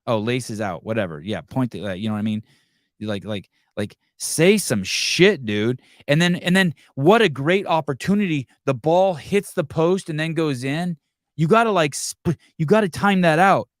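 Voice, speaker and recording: A male podcast host in casual chat, ranting in a profane, animated way. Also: fairly high pitch, moderate pace, no room sound, clean studio sound.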